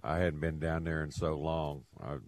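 A man's voice: rumbling low, level tone, moderate pace, darkish tone, no room sound. A man hosting a radio show, chatting in a laid-back way with dry quips. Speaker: radio host. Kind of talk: casual radio chat.

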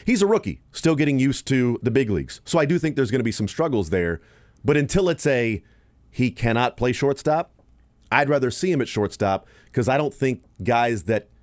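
Low-voiced man hosting sports radio. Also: a little mellow, dry recording. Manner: rambling, thinking aloud with fillers.

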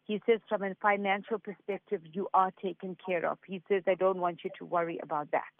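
A man working as a psychic medium on a radio show, giving callers readings in an earnest, reassuring way and relaying messages in quick runs. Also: high-pitched, flat delivery, creaky. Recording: tinny phone-like line, dry.

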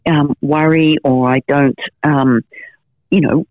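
Speaking slowly in a low voice with fairly even intonation, a middle-aged woman answers interview questions with frank stories. She's an investigative journalist appearing as a guest, and her speech is full of fillers and restarts. The recording is dry and dull.

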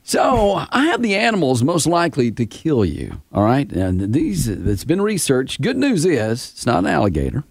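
A man co-hosting a morning radio show, reading out a list with emphatic, animated delivery. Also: mid-range voice, normal speed, gravelly, hardly any pauses, breathy edge, no room sound. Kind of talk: casual morning radio banter.

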